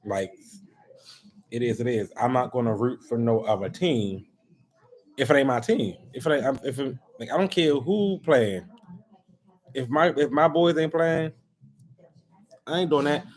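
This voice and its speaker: A man's voice: mid-range voice, measured pace, long pauses. Man ranting on a live stream. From Baltimore, USA. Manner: animated, exasperated ranting to viewers. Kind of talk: casual live-stream chat.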